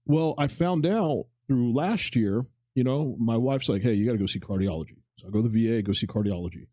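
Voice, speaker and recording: Man, forties, rapid talker, mellow low-toned voice, rambling anecdotal podcast chat, acts out quoted lines. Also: dry recording. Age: 40s. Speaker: podcast co-host. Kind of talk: casual chat.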